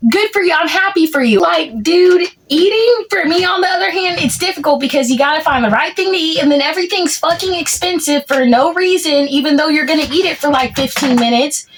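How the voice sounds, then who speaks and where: A young woman with a strikingly high voice rants through a comic monologue. She rambles and vents in exasperation, piling on filler words as she goes. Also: animated, brisk, hardly any pauses, a little hiss or hum. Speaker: content creator. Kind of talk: comedic POV rant monologue.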